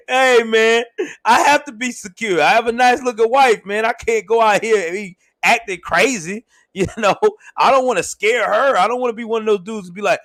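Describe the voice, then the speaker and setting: A young man hosting a livestream, telling a story in a casual, laughing, animated way. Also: high voice, moderate pace, dry recording. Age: young adult. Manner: laughs often, animated, swears freely. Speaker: show host.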